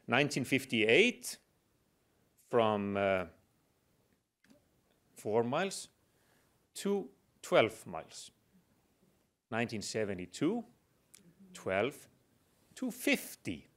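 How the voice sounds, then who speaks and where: A man's voice: mid-range voice, sing-song, very slow, long pauses, fairly bright tone. Man giving a dry-humored lecture. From Iceland. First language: Icelandic. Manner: explanatory with dry humor, hesitant fillers. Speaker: guest lecturer. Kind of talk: public lecture.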